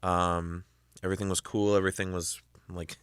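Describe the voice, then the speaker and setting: A man's voice: sits low, flat delivery, moderate pace, fairly bright tone, clear, resonant tone, no room sound, clean studio sound. A young man with a Midwestern American accent, co-hosting a casual chat in a laid-back, thoughtful way with some hesitant fillers. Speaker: podcast co-host.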